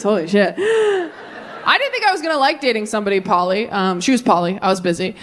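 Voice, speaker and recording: Animated young woman doing stand-up. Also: a little hiss or hum. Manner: animated, quick asides, swings high for punchlines. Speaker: stand-up comedian. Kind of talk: stand-up set with crowd work. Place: large venue before a live audience.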